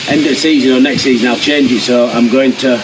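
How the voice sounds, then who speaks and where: A man's voice: mid-range voice, steady tone, fairly quick. A man explaining boat engine work in casual, plain-spoken talk, a little hesitant. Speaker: dad of the sailing family. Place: outdoors in a boatyard. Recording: crowd and boatyard noise.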